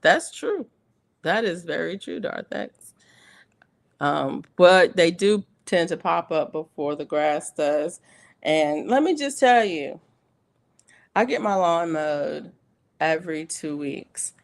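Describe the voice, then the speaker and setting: A woman's voice: deep voice, lively intonation, slow, gravelly. A middle-aged woman hosting a casual livestream, chatting and laughing often as she reads viewer comments aloud. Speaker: livestream host. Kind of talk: casual live-stream chat.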